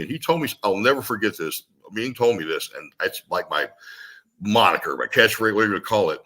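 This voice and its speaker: A young adult man, a pro wrestler, telling stories in casual, profane, animated chat. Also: on the low side, fairly quick, slightly rough.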